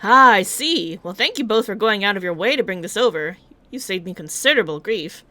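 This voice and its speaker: A woman's voice: mid-range voice, animated, brisk, pushed and bright, no echo. A woman voicing a polite, fretful alchemist in a game read-along, speaking in a courteous, formal way. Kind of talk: reading game dialogue aloud.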